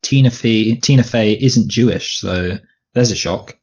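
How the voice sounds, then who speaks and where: A man's voice: lowish voice, measured pace, a little mellow. A man co-hosting a casual movie review chat, stammering through restarts and teasing his partner. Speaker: movie review podcast co-host.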